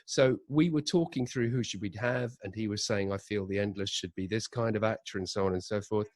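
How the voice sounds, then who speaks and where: Low-voiced man telling production stories. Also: brisk, no echo. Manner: animated anecdotes with acted-out quotes. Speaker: audio drama director, interview guest. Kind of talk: conversational interview storytelling.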